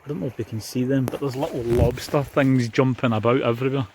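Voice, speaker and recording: A man's voice: medium pitch, steady tone, quick pace, background noise. A man with a Scottish accent, chatting casually to viewers while wild camping outdoors on a beach. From Scotland. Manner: chatty, addresses viewers as guys. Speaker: vlogger. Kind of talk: casual outdoor vlog chat.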